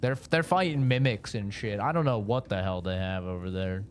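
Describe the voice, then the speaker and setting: A man's voice: fairly low pitch, normal speed. A man, a streamer chatting casually with viewers, rambling and swearing freely, with faint background noise. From United States.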